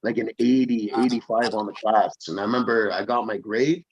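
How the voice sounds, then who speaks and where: A man's voice: lowish voice, fairly quick, a little hiss or hum. A man in casual podcast chat, telling blunt, swear-filled stories and calling people bro. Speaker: podcast co-host. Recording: husky dry dull lo-fi mic.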